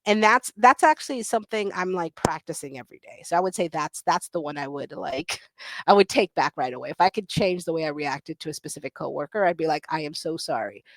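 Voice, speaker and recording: A woman's voice: low-pitched, expressive, brisk, no echo. A middle-aged woman on a panel talking candidly over a video call, blunt and self-deprecating, laughing often. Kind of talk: candid conversational storytelling.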